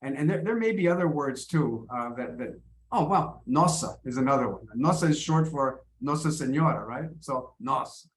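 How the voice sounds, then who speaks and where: A man's voice: on the high side, expressive, moderate pace. Patient American man teaching online. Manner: patient, encouraging, repeats words as he thinks. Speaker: English teacher. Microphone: video call.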